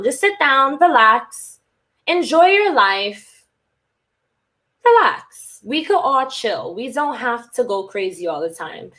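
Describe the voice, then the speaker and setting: A woman's voice: on the high side, a bit bright. A woman podcast host and cult recovery coach in a candid, rambling casual monologue who swears freely.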